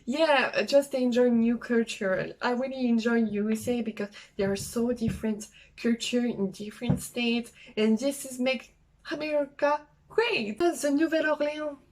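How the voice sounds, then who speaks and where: A young woman from France with a French accent, chatting casually and haltingly in a travel vlog, with many fillers. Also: a little high, fairly even intonation, darkish tone, poor audio. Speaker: travel vlogger. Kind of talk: casual solo vlog talk.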